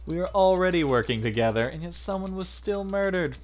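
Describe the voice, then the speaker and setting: A man doing a calm, analytical teen girl. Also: high voice, fairly quick, pitched above the performer's own voice. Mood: grave.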